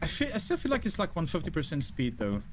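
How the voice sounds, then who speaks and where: A man's voice: fairly high pitch, wildly swooping pitch, background noise. A young man streaming a horror game, chatting casually with his viewers and explaining as he plays. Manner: chatty, talks to chat, quick asides and laughs. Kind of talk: casual live-stream chat while gaming.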